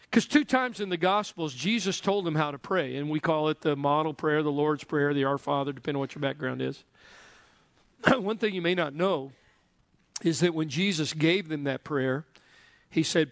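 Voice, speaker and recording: A male pastor preaching in a relaxed, joking style, slowing right down to drive key phrases home. His voice sits fairly high and sounds close and dry. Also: no echo. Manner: joking, conversational, prompts the congregation. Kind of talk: sermon.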